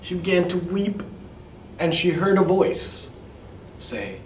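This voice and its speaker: A man telling a fairy tale as an English lesson, slowly explaining and repeating words, dropping to near-whispers for asides. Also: high voice, very animated, slight background noise. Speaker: English teacher. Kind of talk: storytelling lesson for English learners. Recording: echoey room, mic at a distance.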